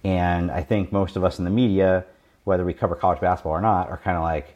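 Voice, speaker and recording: A man co-hosting a podcast, reading out listener mail in a measured, conversational way. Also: sits low, fairly even intonation, lo-fi sound. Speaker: podcast co-host.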